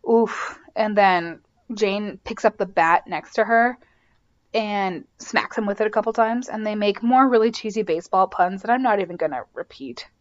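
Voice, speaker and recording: On her podcast, a woman chats her way through a TV episode recap, peppering it with "like" and "um." She speaks at a moderate pace in a mid-range voice, and the audio is muffled.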